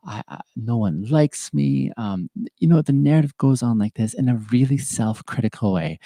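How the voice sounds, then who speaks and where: A man's voice: lowish voice, gravelly, warm tone, no echo. A middle-aged man hosting a reflective solo podcast, speaking earnestly and thoughtfully, often repeating his phrases. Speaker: podcast host. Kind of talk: reflective solo podcast talk with live chat.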